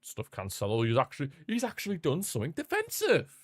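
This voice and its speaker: A young man hosting a live football watchalong, chatting casually and repeating himself, with sudden bursts of excitement. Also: fairly high pitch, quick pace, dry recording, clean studio sound. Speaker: watchalong host. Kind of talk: casual live match commentary.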